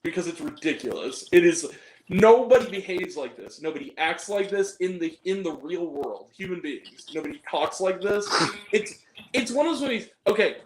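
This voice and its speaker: A man giving a casual film review, animated, laughing often and acting out scenes in lively quoted voices. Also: sits high, moderate pace. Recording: echoey room with faint noise.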